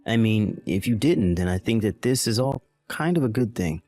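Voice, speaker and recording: A man's voice: lowish voice, lively intonation, normal speed, mellow, faint music behind. A man playing a callous, dismissive husband. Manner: dismissive, irritated, condescending. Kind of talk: acted text-message drama.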